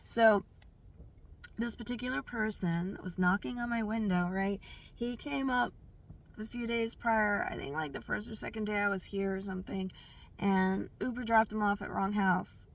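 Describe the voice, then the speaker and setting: A woman's voice: medium pitch, steady tone, moderate pace, creaky, distant mic. A woman vlogger telling a personal story in a rambling, candid way, with lots of fillers and restarts.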